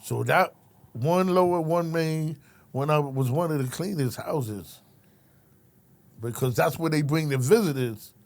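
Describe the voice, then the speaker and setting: Gravelly streetwise middle-aged man telling stories. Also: a little high, unhurried. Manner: streetwise, profane, repeats his listener's name, acts out the people in his story. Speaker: guest, former correctional officer. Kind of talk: animated storytelling in casual conversation.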